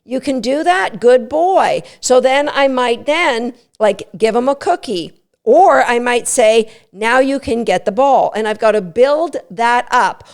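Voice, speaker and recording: A middle-aged woman hosting a dog training podcast, explaining methods in an emphatic, coaching tone with quick asides. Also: a little high, expressive. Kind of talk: instructional podcast talk.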